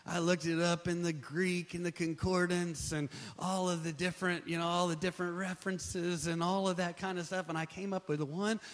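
A man preaching a sermon, moving from quiet, conversational passages to loud, drawn-out emphatic lines. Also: high voice, level tone. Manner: builds from quiet to shouting, dramatic slow emphasis. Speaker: pastor.

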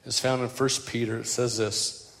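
A man's voice: medium pitch, flat delivery, moderate pace, a bit bright, long reverb tail. An older man preaching a sermon as a pastor, telling stories with self-deprecating humor.

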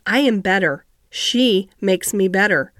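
A woman reading the part of a sickly, imperious ten-year-old boy in a soft, commanding voice. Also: mid-range voice, animated, a little slow, no echo, clean studio sound.

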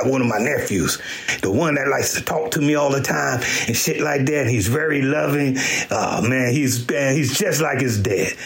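A middle-aged man hosting a comedy show, telling a profane story and acting out quotes in sudden high bursts. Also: gravelly. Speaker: comedian host. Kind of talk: storytelling stand-up monologue.

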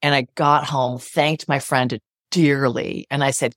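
A woman's voice: very deep voice, steady tone, unhurried, fairly bright tone, no room sound, studio quality. A middle-aged woman psychotherapist speaking as a guest in a podcast interview, earnest and emphatic, repeating phrases to drive her point home.

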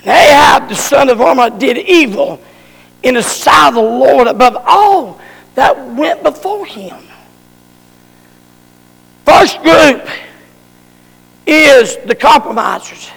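A fervent preacher delivers his sermon in a very high, gravelly voice, stretching his words out slowly. He shouts for emphasis, and a long echo trails through the church hall. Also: expressive.

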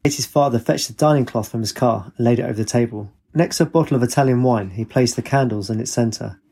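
A man reading a story aloud in a steady, even storytelling manner. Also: medium pitch, quick pace, gravelly, husky. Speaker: narrator. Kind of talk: storybook narration.

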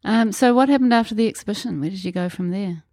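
A woman's voice: mid-range voice, quick pace, darkish tone, no room sound, clean studio sound. A woman interviewing an artist in a casual chat, asking follow-up questions and offering brief encouraging prompts.

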